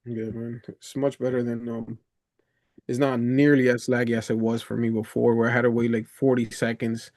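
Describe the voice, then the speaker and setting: A man's voice: medium pitch, level tone, moderate pace, a little mellow. A man from the Dominican Republic chatting on a video call, a loose storyteller who laughs often, swears, and calls the other person "bro". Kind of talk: casual chat on a coaching call.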